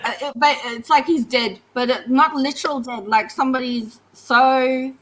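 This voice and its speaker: A woman's voice: high voice, steady tone, normal speed, fairly bright tone, poor audio. An Australian woman co-hosting a casual livestream chat, explaining slang between laughs. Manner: laughing, chatty slang talk. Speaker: co-host.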